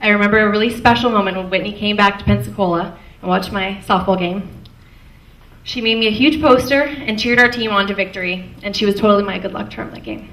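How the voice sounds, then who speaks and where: In a medium-pitched, fairly bright voice, a little fast, a young Canadian woman gives her maid-of-honor toast, fond and light, chuckling as she goes. She's in a wedding reception hall. The sound comes from far off, echoey, with faint noise.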